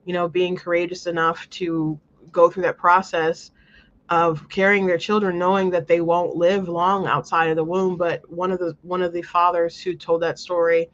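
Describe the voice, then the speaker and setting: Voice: medium pitch, flat delivery, moderate pace, fairly bright tone, muffled recording. A show host talking casually in an earnest, rambling way, with many restarts. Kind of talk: casual commentary monologue.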